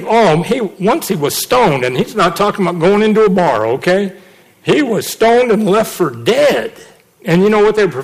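A middle-aged man preaching a sermon, telling a personal testimony and acting out the people he quotes. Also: sits high. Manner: animated storytelling, acts out quotes.

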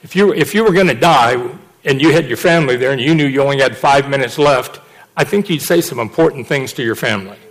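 A man's voice: mid-range voice, quick pace, low-quality recording. A middle-aged man preaching a sermon, emphatic and repeating phrases for stress.

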